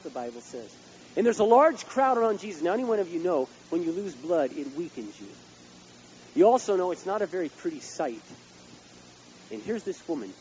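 A male pastor preaching a sermon, swinging between loud outbursts and hushed asides. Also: a little high, lo-fi sound, a little hiss or hum.

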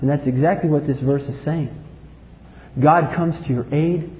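A man preaching a sermon, emphatic, swinging from loud outbursts to low quiet lines. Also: fairly even intonation, normal speed, slight background noise. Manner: emphatic, rises to loud acted outbursts then drops low. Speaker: pastor. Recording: echoey hall, dull lo-fi sound.

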